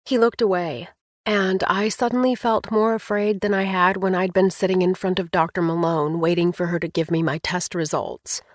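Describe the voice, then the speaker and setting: A woman narrating a novel in the first person as an audiobook reader, with even, clear storytelling. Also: fairly low pitch, normal speed, no room sound, studio quality.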